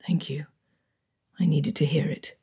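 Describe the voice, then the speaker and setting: A woman reading the part of a brooding young Regency gentleman, pitched low and delivered slowly with strain in the voice. The tone stays mellow and breathy, as in a storybook audiobook. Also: heavily acted. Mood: anguished.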